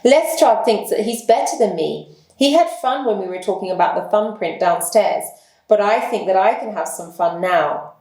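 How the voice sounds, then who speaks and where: A calm and clever detective who speaks in a measured, assured way, as a woman reading a storybook plays him. His voice sits in a middle pitch close to the reader's own. The room adds a clear echo. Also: close to an everyday voice. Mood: amused. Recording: echoey room.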